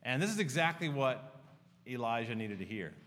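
Guy preaching a sermon, earnest and chatty, bright forceful voice, long echo from a big church hall. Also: medium pitch, very animated, normal speed. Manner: earnest, conversational, with personal stories. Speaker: pastor. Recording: long reverb of a large hall.

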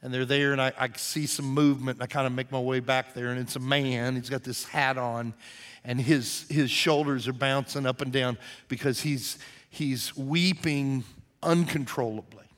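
A man's voice: medium pitch, steady tone, moderate pace, fairly bright tone. A man preaching a sermon, telling a personal story in a conversational way that turns emphatic and earnest. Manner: conversational storyteller, grows emphatic and intense at the close. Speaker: pastor.

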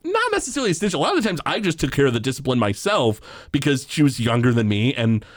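A man's voice: medium pitch, quick pace, dry recording, clean studio sound. A man co-hosting a podcast in casual chat, telling stories animatedly and acting out the people he quotes. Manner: animated storyteller who acts out quoted characters. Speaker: podcast co-host.

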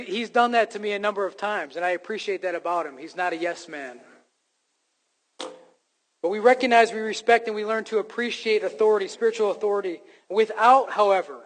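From the pulpit, a pastor with a fairly high male voice preaches emphatically and earnestly, working in wry jokes at his own expense. His sermon echoes with the long reverb of the church sanctuary.

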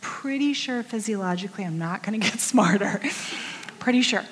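A woman's voice: medium pitch, moderate pace, a little hiss or hum. A woman in her fifties gives a conversational sermon to a women's group, telling stories about herself with candid, self-deprecating humor. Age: 50s. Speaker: women's ministry speaker. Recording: long reverb of a large hall.

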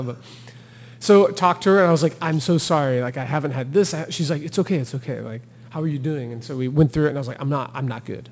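Speaking a little quickly in a fairly high voice, a thru-hiker guest tells a trail story with feeling during a casual interview. He's animated, acting out quotes and laughing, and the sound trails off in long reverb.

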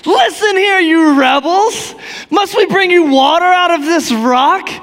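A preacher voicing an old prophet shouting and mocking in a rage. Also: male voice, very high voice, a little slow, voice pushed up. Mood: furious. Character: furious old male prophet Moses. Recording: long hall reverb.

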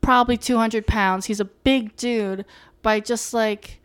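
A woman recapping a TV episode in casual chat, animated and sarcastic, swearing freely. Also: a little high, measured pace, smooth. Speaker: podcast co-host recapping a TV show.

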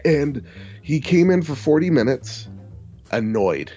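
A man's voice: fairly high pitch, big pitch swings, slow, dark tone, breathy edge, dull audio, faint music behind. A young man in a casual podcast chat, telling a long frustrated story and swearing freely. He quotes other people in mimicked voices as he goes. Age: young adult.

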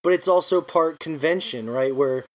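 A man's voice: fairly high pitch, moderate pace. A man hosting a podcast in casual chat, joking and laughing easily. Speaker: podcast host.

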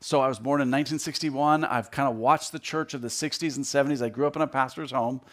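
A man in his fifties giving a conversational sermon as a guest speaker in a church, joking and repeating words and getting louder to stress a point. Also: medium pitch, fairly even intonation, fast. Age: 50s. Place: church sanctuary.

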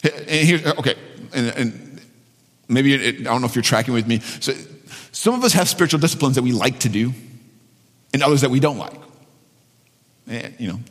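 A man's voice: medium pitch, normal speed, pauses often, in a large hall. A male pastor preaching a sermon in a conversational way, repeating phrases and restarting sentences.

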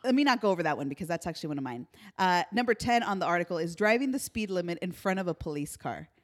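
A woman with a lowish voice and quick pace co-hosts a podcast. She's an animated storyteller in casual chat and laughs often.

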